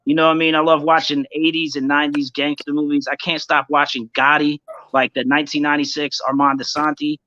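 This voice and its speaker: A man's voice: a little high, flat delivery, fairly quick, bright, forceful tone, dry recording. A man in his thirties, a guest rapper, chatting casually and rambling with lots of fillers. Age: 30s. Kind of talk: casual chat. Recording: muffled lo-fi audio.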